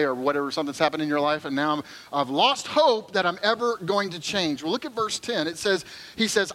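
A man's voice: on the high side, lively intonation, brisk, fairly bright tone, poor audio. A middle-aged man preaching a sermon as pastor, conversational and joking, then earnest.

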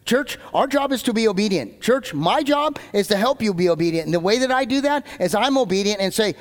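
A man with a fairly high voice preaches from a church stage. He rambles into side stories and pokes fun at himself in a loose, chatty sermon. The sound carries a long hall reverb. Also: expressive, a little fast, few pauses. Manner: rambling, self-deprecating, jumps between tangents. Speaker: pastor.

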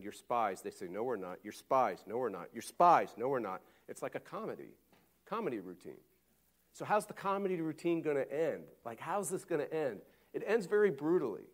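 A male pastor preaching conversationally, acting out Bible voices with lively emphasis. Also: medium pitch. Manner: animated, conversational, acts out quotes. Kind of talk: sermon.

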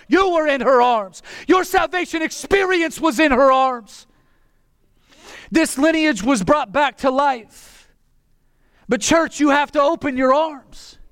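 High-voiced impassioned male preacher. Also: dry recording. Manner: impassioned, bursts into shouting. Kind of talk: sermon.

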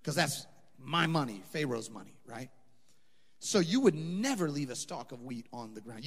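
Impassioned preacher in a reverberant hall. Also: male voice, mid-range voice, expressive, moderate pace, gravelly. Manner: impassioned, rising to emphatic peaks; conversational preaching with asides. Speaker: pastor. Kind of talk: sermon.

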